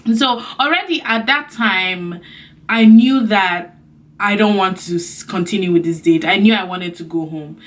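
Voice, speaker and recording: A young woman vlogger telling a story to her camera in a casual, animated way, acting out the people she quotes. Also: moderate pace, far from the mic. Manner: animated, acts out quotes with big pitch jumps.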